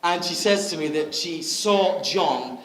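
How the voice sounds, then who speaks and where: A man's voice: fairly high pitch, measured pace, a bit bright. Chatty man giving a wedding speech. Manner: chatty storytelling, frequent laughs. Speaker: wedding speaker. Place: wedding reception hall. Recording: echoey hall with crowd.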